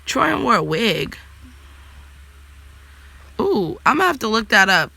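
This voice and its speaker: A young adult woman answers viewer comments in a loose, sassy live chat, blunt and quick to swear. Her voice is bright and forward. It sits close and dry, with no room sound. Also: fairly high pitch, big pitch swings, vocal fry, breathy edge, no room sound.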